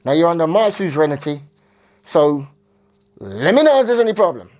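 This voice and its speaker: A man's voice: a little high, very animated, normal speed, a little mellow, muffled recording. A man voicing a medieval English king who bluntly warns and threatens his neighbouring realms. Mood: stern.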